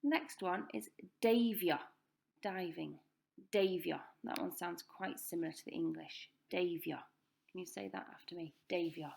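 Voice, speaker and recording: Woman teacher with some vocal fry, patient and deliberate as she drills pupils on new words. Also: lowish voice, darkish tone. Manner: slow, careful pronunciation drills. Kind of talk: recorded classroom lesson. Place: school.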